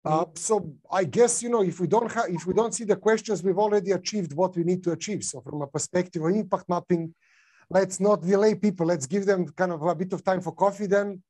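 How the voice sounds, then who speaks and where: A man's voice: high-pitched, a little fast, warm tone. A man with a non-native English accent giving a conference talk, casual, with many fillers and restarts. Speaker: conference speaker.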